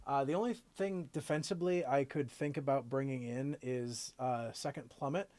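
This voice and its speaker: A man's voice: medium pitch, steady tone, moderate pace, dark tone, faint music behind. A man live-streaming a card game, casually thinking aloud with playful jokey asides. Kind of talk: casual gameplay commentary.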